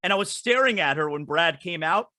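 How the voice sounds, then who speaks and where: A man hosting a podcast in casual chat, talking in an enthusiastic, excitable way. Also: fairly high pitch, brisk, no room sound, studio quality. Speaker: podcast host.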